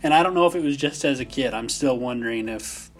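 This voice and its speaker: A young man with a Minnesota accent, co-hosting a casual podcast chat, telling animated stories and laughing often. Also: medium pitch, fast talker, faint music behind. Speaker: podcast co-host.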